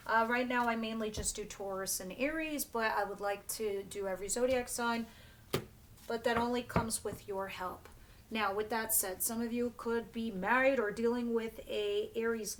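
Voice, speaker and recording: A woman's voice: a little high, a little hiss or hum. A woman doing a casual tarot reading for her channel, chatty and blunt, often restarting her phrases. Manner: chatty and blunt, with filler words and self-corrections. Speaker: tarot reader.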